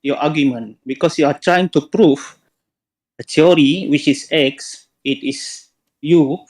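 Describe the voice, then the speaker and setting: A man's voice: a little high, unhurried, darkish tone. A man calling into a live online debate, pressing his questions insistently. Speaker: caller.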